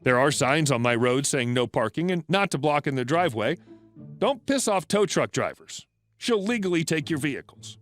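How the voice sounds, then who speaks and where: A man's voice: fairly high pitch, animated, normal speed, faint music behind. A man narrating a story in a dry, matter-of-fact scripted reading.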